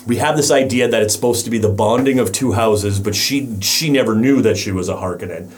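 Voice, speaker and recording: A man's voice: on the low side, brisk, slight background noise. A man co-hosting a casual book podcast who talks in a chatty way with lots of restarts. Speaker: podcast co-host. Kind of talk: casual book-club chat.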